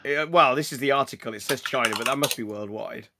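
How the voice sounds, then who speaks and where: A man's voice: medium pitch, fast, noisy background. A man co-hosting a podcast in casual chat. He is wry and questioning, and lays out facts plainly. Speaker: podcast co-host.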